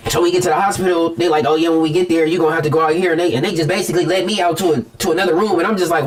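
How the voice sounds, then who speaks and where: A man tells his story quickly, his words tumbling out as he quotes what he and others said and stumbles over repeated words. His voice runs high for a man, and the account is emotional throughout. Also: fairly even intonation. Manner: retells events quoting himself, repeats words. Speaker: interviewee on the news.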